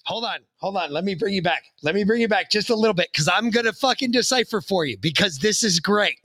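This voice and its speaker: A man co-hosting a podcast, commenting on clips in a loud, excitable way and swearing freely. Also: sits high, fast talker, very noisy. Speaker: podcast co-host. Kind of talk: crude, profane casual commentary.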